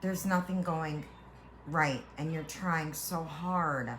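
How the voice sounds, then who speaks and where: A woman's voice: low-pitched, steady tone, fairly bright tone, slight background noise. A woman, a tarot reader, giving an earnest, heartfelt spiritual reading to viewers, reassuring them and often restarting her sentences. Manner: halting with repeated restarts.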